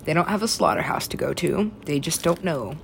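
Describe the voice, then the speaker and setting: A woman's voice: deep voice, lively intonation, a little fast, creaky, a little hiss or hum. A woman talking in a rambling, profane, stream-of-consciousness way, in a casual monologue.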